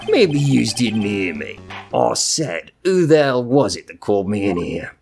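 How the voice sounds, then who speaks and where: A man voicing a brash, loud male loan-shark gangster with a put-on Brooklyn accent and rough tough-guy slang. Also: lowish voice, big pitch swings, measured pace, faint music behind, voice pushed up, full character voice. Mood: belligerent.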